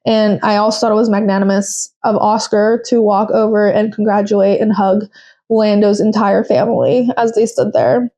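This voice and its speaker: In a casual solo recap, a young podcast host chats freely and voices strong opinions, peppering her talk with fillers and quoted voices. She speaks at a moderate pace in a warm, mid-range voice.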